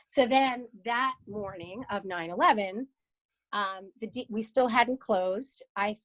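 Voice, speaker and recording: A lively woman of around fifty tells a story as an interview guest, speaking casually and swearing now and then. Her voice sits at a medium pitch. The sound is dry and close, with no room echo. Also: slow pace. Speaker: guest, founder and CEO of a broker-dealer.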